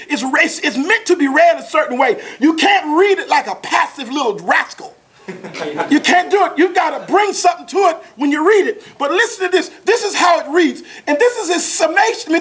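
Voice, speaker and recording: A man giving a motivational lecture as a sales trainer, talking fast with a passionate, preacher-like delivery. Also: very high-pitched, a bit bright. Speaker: sales trainer speaking at an academy.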